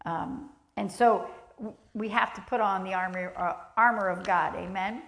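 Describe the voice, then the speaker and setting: A woman's voice: mid-range voice, fairly even intonation, normal speed, reverberant. A woman preaching a sermon in a church sanctuary, reading scripture aloud, speaking earnestly and with emphasis, and asking the congregation questions.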